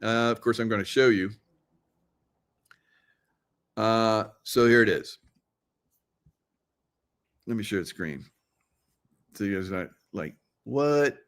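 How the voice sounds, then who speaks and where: A man's voice: on the low side, slow pace, long pauses, fairly bright tone. A middle-aged man hosting a casual livestream monologue in a conspiratorial tone. He talks straight to his viewers, asks them questions and laughs at his own jokes. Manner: conspiratorial, joking asides, laughs at own lines. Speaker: show host.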